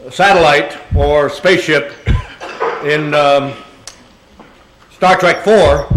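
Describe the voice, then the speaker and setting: A man's voice: on the high side, a bit bright. An older man, a guest speaker, answering audience questions with rambling, chuckling stories full of fillers. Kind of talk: public Q&A talk. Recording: echoey hall sound.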